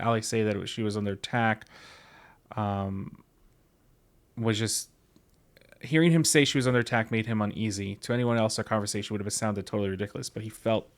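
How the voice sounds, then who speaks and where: A man hosting a podcast book club, casually paraphrasing a story from memory. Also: on the low side. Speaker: podcast host.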